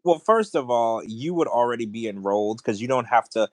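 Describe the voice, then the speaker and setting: Man, podcast co-host, opinionated casual rant, mid pitch. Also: a little fast, no room sound. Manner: animated, ranting, opinionated. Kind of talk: casual chat.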